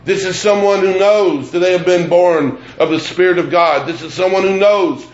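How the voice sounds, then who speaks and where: A man preaching a sermon as pastor, deliberate and emphatic, repeating phrases for weight. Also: high-pitched, echoey room, muffled recording. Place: church sanctuary.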